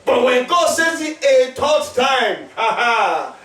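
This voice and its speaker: A man's voice: very high-pitched, big pitch swings, slow, a bit bright. Male pastor, fervent call-and-response preaching, echoing church heard from a distance. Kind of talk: sermon. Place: church hall. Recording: echoey church, mic at a distance.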